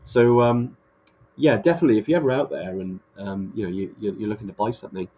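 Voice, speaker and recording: A man's voice: lowish voice, quick pace, mellow, slight background noise. A man co-hosting a podcast in casual chat, enthusiastic and rambling with many restarts. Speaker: podcast co-host.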